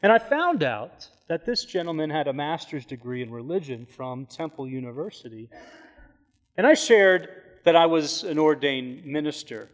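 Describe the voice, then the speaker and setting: A man's voice: on the high side, expressive, moderate pace. Man preaching in a reverberant church. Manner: conversational, joking asides. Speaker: pastor. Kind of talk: sermon with storytelling. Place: church sanctuary. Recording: long hall reverb.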